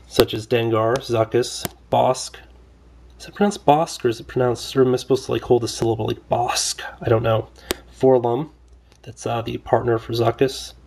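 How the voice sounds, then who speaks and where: A toy reviewer with a mid-range, slightly mellow, slightly rough voice casually reviews an action figure for his vlog. He rambles loosely, uses plenty of fillers, and keeps a wry, mildly complaining edge.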